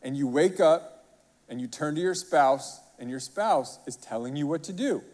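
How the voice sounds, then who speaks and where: A man preaching a sermon as a pastor, telling stories with lively rhetorical questions. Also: fairly high pitch, moderate pace. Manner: animated storytelling, rhetorical questions. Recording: long hall reverb.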